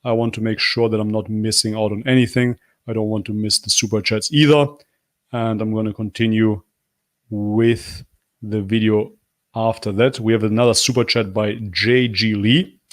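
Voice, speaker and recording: A man's voice: steady tone, normal speed, no room sound, studio quality. Sarcastic man on a livestream. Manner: sarcastic, mocking, blunt; mocks with high, whiny put-on apologies. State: losing his voice. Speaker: livestream host reacting to a video. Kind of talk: live reaction commentary.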